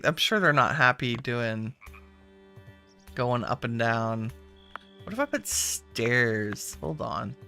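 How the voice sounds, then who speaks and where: Bright, lively woman narrating her gameplay. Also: extremely low pitch. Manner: chatty, talks to her game characters as she plays. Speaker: game streamer. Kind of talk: casual gameplay commentary.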